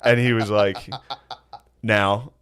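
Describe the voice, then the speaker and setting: A man's voice: fairly low pitch, expressive, a little fast, over a noisy crowd. A man co-hosting a podcast, telling profane, laid-back stories in casual chat. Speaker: podcast co-host.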